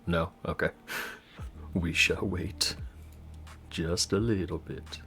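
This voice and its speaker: Deep-voiced man narrating as game master. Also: steady tone, bright, forceful tone. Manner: slow, deliberate scene narration with casual banter between.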